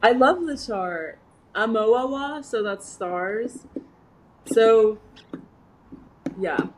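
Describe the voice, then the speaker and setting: A woman's voice: a little high, very slow, rough recording. Chatty young woman, playful and giggly. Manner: giggly, animated, trying out made-up words. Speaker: co-host. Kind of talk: casual chat.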